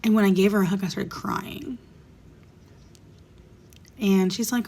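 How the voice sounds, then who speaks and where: A woman's voice: mid-range voice, fairly even intonation, unhurried, long pauses, darkish tone. A woman in her thirties telling a personal story in a candid, emotional way, sometimes dropping to a whisper. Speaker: vlogger. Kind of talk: casual storytime monologue.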